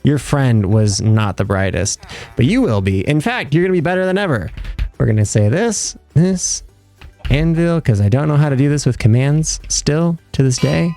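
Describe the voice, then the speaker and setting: A man's voice: mid-range voice, lively intonation, moderate pace, mellow, faint music behind. A young man streaming a game live, chatting casually with his viewers in a rambling, joking, self-mocking way. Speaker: livestreamer. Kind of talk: casual live gameplay chat.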